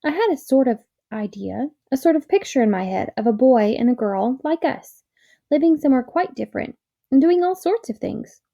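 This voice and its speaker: A woman's voice: high-pitched, animated, normal speed, vocal fry, mellow, highs cut off, voice pushed up, exaggerated voice. A woman voicing a sensible, practical young girl in a storybook reading. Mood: dreamy. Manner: earnest and practical.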